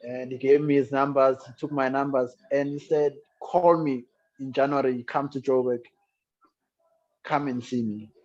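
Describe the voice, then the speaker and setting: A man's voice: mid-range voice, little pitch movement, moderate pace, darkish tone. A man with a South African accent, a guest musician telling his story in an interview in a reflective, earnest way. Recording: dull lo-fi sound.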